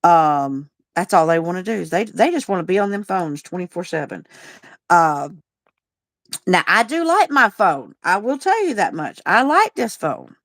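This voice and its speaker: A woman's voice: on the low side, very animated, moderate pace, fairly bright tone, no echo, clean studio sound. A woman hosting a casual livestream, talking in a chatty, folksy way and greeting viewers by name. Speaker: livestream host.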